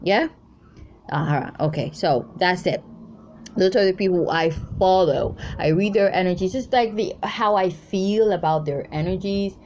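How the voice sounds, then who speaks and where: A woman's voice: on the low side, a little slow, a little mellow, highs cut off, a little hiss or hum. A woman, talking to her viewers in a profane, rambling, exasperated rant. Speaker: intuitive reader vlogger. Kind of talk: casual ranting commentary.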